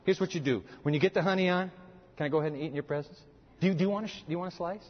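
Folksy high-voiced preacher in a hall. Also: male voice, racing. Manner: folksy, animated, jokes with the audience. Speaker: pastor. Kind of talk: sermon with live demonstration. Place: church hall with audience. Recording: dull, long-reverb hall sound.

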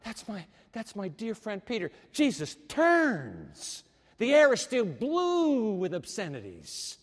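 A man preaching a sermon, dramatic, swinging between loud exclamations and hushed, tender passages. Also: high voice, huge pitch swings, slow pace, long reverb tail.

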